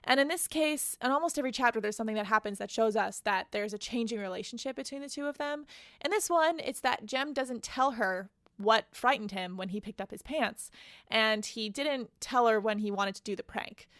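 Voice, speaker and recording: A woman's voice: fairly high pitch, brisk, a bit bright, no echo, studio quality. A woman hosting a podcast, retelling a novel's plot in a casual, chatty way with personal asides. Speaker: podcast host. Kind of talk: casual book recap.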